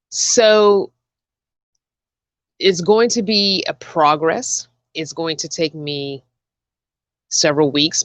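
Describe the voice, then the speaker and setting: A woman hosts a relaxed live-stream, greeting viewers by name and laughing often. Her voice is groggy and a little scratchy, as on a tired morning. She talks at an easy, unhurried pace into a headset mic with a dry, close sound. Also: sits low, no echo. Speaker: vlogger hosting a live chat. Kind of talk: casual live-stream chat.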